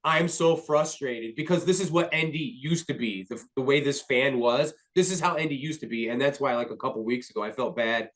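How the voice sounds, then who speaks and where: A man co-hosting a casual sports podcast, excitable and rambling, often restarting his sentences and swearing. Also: mid-range voice, brisk, few pauses. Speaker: podcast co-host.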